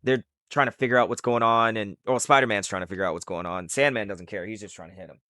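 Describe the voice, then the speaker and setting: A man's voice: lowish voice, fast, pushed and bright, no room sound, clean studio sound. A man casually retelling a comic book's plot in a loose, rambling way full of fillers. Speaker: comic recap host. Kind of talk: casual comic book recap.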